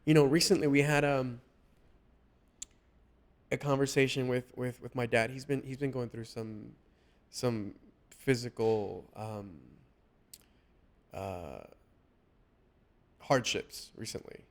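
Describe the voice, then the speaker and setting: A man hosting a casual podcast chat, talking earnestly and haltingly with many restarts. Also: medium pitch. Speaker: podcast host.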